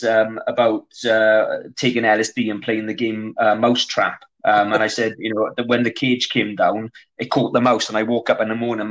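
A man's voice: mid-range voice, poor audio. A Welsh man, a comedian guest, telling rambling anecdotes in casual podcast chat with frequent restarts. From Wales.

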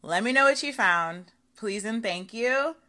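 A woman's voice: fairly high pitch, a little slow. A young adult woman hosting her own podcast, talking casually and swearing freely, with lots of "okay" and "y'all". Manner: chatty, animated, swears freely, says okay and y'all a lot. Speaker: podcast host. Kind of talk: casual solo podcast monologue.

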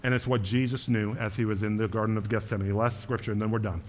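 A man's voice: lowish voice, level tone, fast talker, darkish tone, a little hiss or hum. A man preaching a sermon as pastor, speaking earnestly and directly to his congregation and quoting scripture with small verbal slips.

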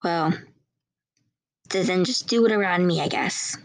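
A woman's voice: lowish voice, unhurried, dry recording, poor audio. A woman voicing a shy, stuttering teenage girl in a fan story read aloud. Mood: gently scolding. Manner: stammering, hesitant.

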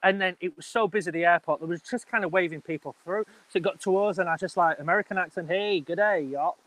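An English man in his thirties tells his story in a chatty, animated way, full of restarts. His voice sits high for a man, and the sound is dry and close. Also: fast, no echo, poor audio. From England. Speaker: guest, wedding business owner. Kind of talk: casual storytelling in an interview.

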